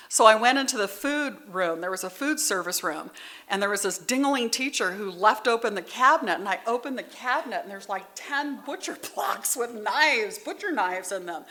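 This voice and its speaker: Speaking at a recovery meeting, a middle-aged woman shares her story in a candid, conversational testimony that is heartfelt and occasionally near tears. Her voice is medium-pitched, bright, and forceful, animated at a normal speed.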